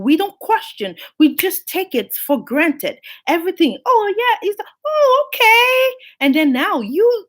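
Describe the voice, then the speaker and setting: A woman from Africa reviews a book by retelling an old fable, talking it through. Her voice sits a little high and swoops widely as she acts out the characters with sudden jumps in pitch. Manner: animated storytelling, acting out characters with pitch jumps. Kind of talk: retelling a folk tale and reflecting on it.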